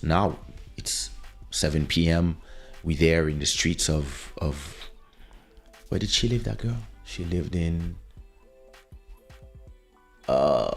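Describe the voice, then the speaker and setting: A man with a very low, gravelly voice tells a loose, rambling story as a podcast host. His tone is husky and a bit rough, and he talks into a close studio mic. Faint music plays in the background. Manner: loose, rambling anecdote telling with restarts. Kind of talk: casual storytelling. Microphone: studio podcast microphone.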